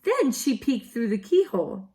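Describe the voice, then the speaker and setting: Reading picture books aloud to little ones, this woman teacher uses a fairly high, mellow voice and is very animated. Her delivery is slow and sing-song, exaggerated like a storybook, with playful comments along the way.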